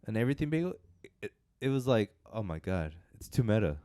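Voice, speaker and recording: A man's voice: fairly low pitch, very animated, fairly quick, warm tone, dry recording. A man co-hosting a casual movie review podcast, teasing his friend and often trailing off mid-sentence. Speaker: podcast co-host.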